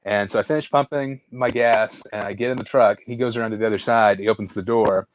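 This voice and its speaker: A man's voice: lowish voice, quick pace, no echo, dull audio. A man telling a long story as a podcast co-host, rambling with restarts and fillers. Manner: rambling, many restarts and fillers, animated retellings. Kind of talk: casual storytelling.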